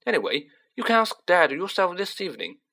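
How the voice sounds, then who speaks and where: A man voicing an excitable, chatty teenage boy wizard who talks in animated, joking bursts. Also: high-pitched, fairly quick, pitched above the performer's own voice, exaggerated voice.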